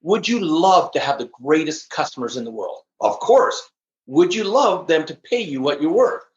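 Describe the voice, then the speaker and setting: A man in an interview, speaking with high energy and driving each point home. His voice sits a little high for a man. The recording is echoey and dull, with a lo-fi sound. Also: expressive, normal speed. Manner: high-energy, emphatic storytelling. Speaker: podcast guest, trainer. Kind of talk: interview conversation.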